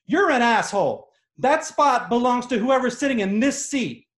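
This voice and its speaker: A man voicing an angry woman passenger who shouts and accuses, in an echoey room. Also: high voice, big pitch swings, a little fast, pitched above the performer's own voice. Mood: angry, accusing.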